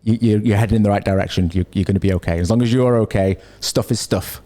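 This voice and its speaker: A man's voice: lowish voice, fast talker, dark tone. A man hosting a podcast who chats casually and agreeably, often affirming his guest. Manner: agreeable, frequent short affirmations. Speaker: podcast host. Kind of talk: casual conversation.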